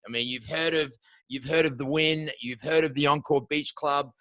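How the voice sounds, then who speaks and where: A man's voice: a little high, fairly even intonation, moderate pace, bright, forceful tone, no echo. An Australian man hosting a podcast interview show, with upbeat, welcoming showman patter. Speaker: show host.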